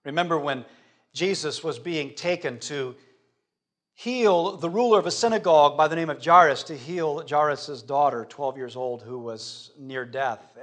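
A man preaching a sermon dramatically, swinging from loud declarations to hushed words and asking his listeners rhetorical questions. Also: a little high.

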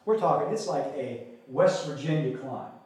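Man, preacher, husky voice, slightly high, emphatic sermon delivery, scripture reading. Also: animated, moderate pace, a little mellow. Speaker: pastor.

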